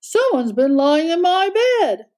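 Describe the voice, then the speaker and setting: A woman voicing a gruff father bear in a storybook, roaring and sputtering. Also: very high voice, sing-song, slow, a little mellow, voice pushed up, exaggerated voice. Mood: indignant.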